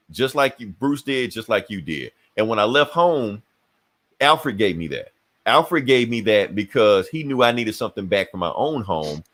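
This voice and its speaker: Animated man retelling a comic. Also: mid-range voice. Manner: animated retelling, acting out characters' lines. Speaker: podcast host. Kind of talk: casual comic book podcast chat.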